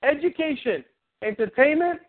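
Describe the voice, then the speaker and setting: High-voiced animated coaching man. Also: normal speed. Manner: animated, rambling, acts out quotes. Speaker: relationship coach. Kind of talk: coaching phone call. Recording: tinny phone line.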